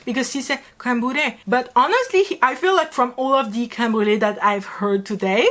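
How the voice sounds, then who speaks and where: A woman's voice: a little high, a little fast, a bit bright. A woman from France with a French accent, giving casual, chatty commentary full of fillers as a YouTuber reviewing a series. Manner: chatty, many fillers, laughs easily.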